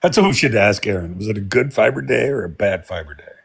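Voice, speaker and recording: A man jokes around on a video call, blunt and crude. His voice is husky and swings lively up and down in pitch. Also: fast. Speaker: group chat participant. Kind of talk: casual profane chat on a video call.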